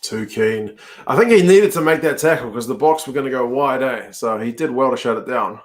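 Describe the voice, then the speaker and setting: A man's voice: medium pitch, brisk. A man hosting a casual rugby watch-along, reacting aloud to the play and chatting with viewers.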